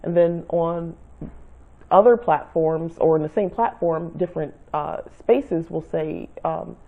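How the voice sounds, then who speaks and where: A woman's voice: lowish voice, steady tone, slow, creaky. A woman giving casual spiritual advice to camera, rambling and searching for words as she talks. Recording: tinny phone-like sound.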